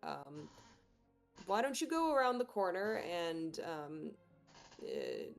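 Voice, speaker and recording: A calm, diplomatic adventurer voiced by a woman talks soothingly, with hesitant pauses. The voice is low and creaky, over faint music. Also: heavily acted. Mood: placating.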